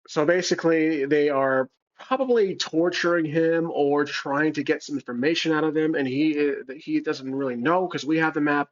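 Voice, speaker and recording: Brief: man narrating his own solo game, unhurried and thinking aloud, muffled home mic. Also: a little high. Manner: thinking aloud, unhurried, with fillers and self-corrections. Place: home room with a cat.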